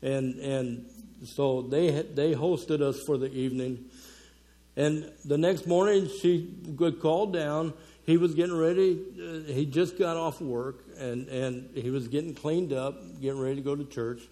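Speaking a little slowly in a mellow, fairly high voice, a man gives a conversational sermon to a women's conference. His folksy delivery includes fillers and small chuckles.

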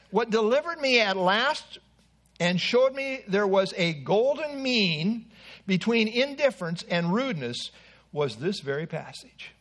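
A man's voice: high-pitched, a bit bright. A man preaching an earnest expository sermon with asides to the congregation.

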